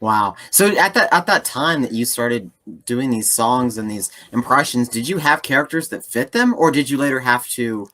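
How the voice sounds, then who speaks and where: The host's voice has a bright, forceful tone. They ask questions in an eager, enthusiastic way and respond to the guest's stories with keen interest. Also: mid-range voice, lively intonation, moderate pace, few pauses. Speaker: interviewer, host. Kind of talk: casual interview.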